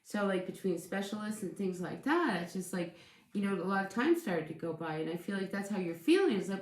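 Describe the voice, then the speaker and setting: Woman, tarot reader, casual chatty reading, reassuring, restarts a lot, middle pitch, echoey room. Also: animated, brisk. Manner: chatty, reassuring, repeats words and restarts often.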